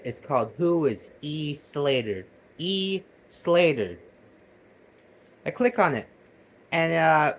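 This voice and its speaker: A man talks through a video he has just watched, cursing freely and jumping between loud excited bursts and quiet mutters. His voice sits a bit higher than most men's. He sounds keyed up and talks in a casual, rambling way. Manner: animated, profane, jumps between loud outbursts and mutters. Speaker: video reactor.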